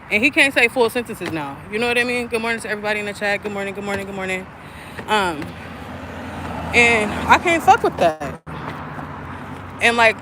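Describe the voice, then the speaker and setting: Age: about 30. Sex: woman. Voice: bright, candid, profane. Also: on the high side, a little hiss or hum. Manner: candid, profane, rambling with frequent fillers. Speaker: spiritual content creator and mother. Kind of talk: casual livestream chat.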